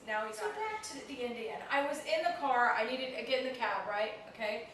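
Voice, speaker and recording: A woman's voice: on the high side, brisk, slight background noise. Chatty comedian woman, echoey distant mic. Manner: animated, self-mocking, laughs often mid-story. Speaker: comedian guest. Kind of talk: casual storytelling interview. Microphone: handheld flip video camera.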